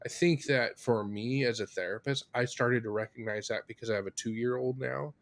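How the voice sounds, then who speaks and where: A man in his thirties, working as a therapist, co-hosts a podcast. He keeps it relaxed and conversational and drops his voice low for quoted asides. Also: moderate pace, gravelly.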